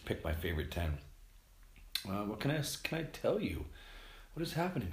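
A middle-aged man rambling casually to camera at home, telling stories in an animated, swearing way. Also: lowish voice. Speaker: vlogger. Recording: roomy echo.

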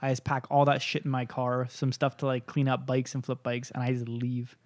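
A man's voice: medium pitch, monotone, fairly quick, dry recording. A young man co-hosting a podcast, telling a story in casual chat, laid-back, swearing often and acting out quoted lines. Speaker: podcast co-host.

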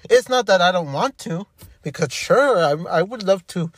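A man in his fifties talking in an emotional monologue, halting and repeating himself, frustrated and upset. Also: high-pitched, lively intonation, slightly rough, no echo. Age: 50s.

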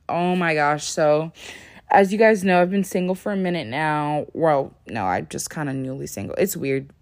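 A woman's voice: fairly low pitch, a little mellow. Sleepy, chatty young woman vlogger. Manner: chatty, rambling, lots of "like" fillers. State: sleepy, yawning. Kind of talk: casual talk to camera.

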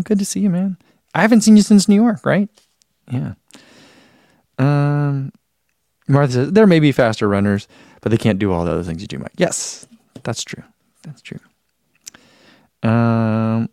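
A man's voice: mid-range voice, a little mellow, no echo, studio quality. A man hosting a running live stream, chatting casually, reading out viewer comments and rambling with self-deprecating laughs.

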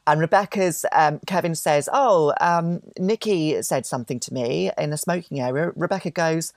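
A man chats on a podcast in a gossipy, camp manner with playful asides. His voice sits dry and close, with no room sound. He keeps an easy, unhurried flow. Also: fairly high pitch, dry recording. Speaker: podcast co-host. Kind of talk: casual chat.

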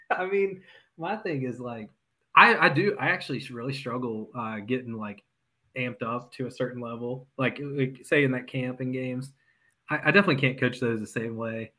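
A man who is a former football coach, a podcast guest telling animated stories and laughing often. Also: mid-range voice, normal speed, rough recording. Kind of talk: casual podcast storytelling.

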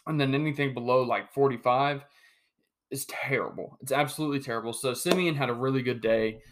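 A young man hosting a solo sports podcast, talking in an animated, joking way with many restarts. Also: mid-range voice, a little fast, background noise. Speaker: podcast host.

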